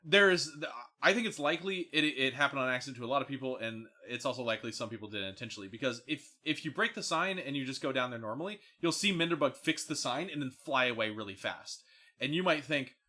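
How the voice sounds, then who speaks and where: A young man co-hosting a podcast, explaining details in a relaxed, casual way. His voice is bright and sits at a middle pitch. He laughs easily along the way. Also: quick pace. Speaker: podcast co-host. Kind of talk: casual chat.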